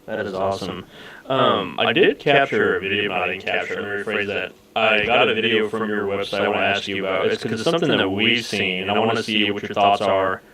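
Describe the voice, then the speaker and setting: Laid-back guy hosting a live podcast, bright tone, laughs a lot. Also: fairly low pitch, steady tone, a little fast, reverberant, low-quality recording. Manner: laughs often, easygoing and joking. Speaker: podcast host. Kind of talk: casual live interview.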